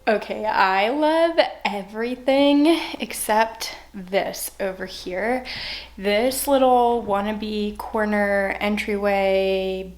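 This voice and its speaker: A woman's voice: medium pitch, slow, soft background music. A woman in her thirties talking through a home makeover in a chatty, enthusiastic vlog voice-over. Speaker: home decor vlogger.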